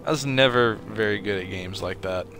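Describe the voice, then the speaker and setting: A man's voice: fairly low pitch, normal speed, a bit bright, faint music behind. A man giving casual, rambling commentary while playing a game and chatting. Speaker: gameplay streamer.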